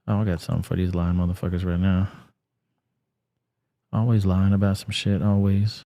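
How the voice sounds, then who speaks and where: A man's voice: low-pitched, moderate pace, creaky, long pauses, warm tone, dry recording, muffled recording. A man hosting a live stream and commenting on clips in a blunt, profane, laid-back way.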